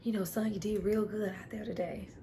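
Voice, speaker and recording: A woman doing a hushed, gruff old father. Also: fairly even intonation, a little slow, a little hiss or hum, lightly acted. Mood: tender. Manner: soft, low, hushed. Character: gruff older father, suddenly tender.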